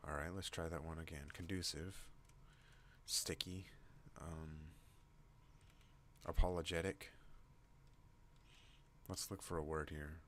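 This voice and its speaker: A man hosting an ASMR vlog, rambling in a soothing, deliberately deep and slow voice. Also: fairly even intonation, a bit bright, slight background noise. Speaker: ASMR channel host.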